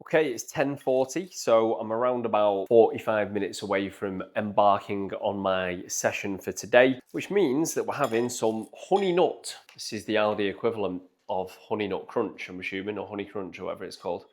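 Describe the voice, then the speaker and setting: A man's voice: fairly low pitch, normal speed, hardly any pauses, no room sound. Chatty man vlogging. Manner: chatty, upbeat, explains as he goes. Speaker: fitness vlogger. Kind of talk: casual vlog narration.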